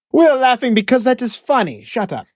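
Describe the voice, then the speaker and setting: A man's voice: very high-pitched, no echo, clean studio sound, heavily acted. A man playing an eccentric male interdimensional superhero, talking flamboyantly with accents that shift and slip. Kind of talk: improvised comedy podcast.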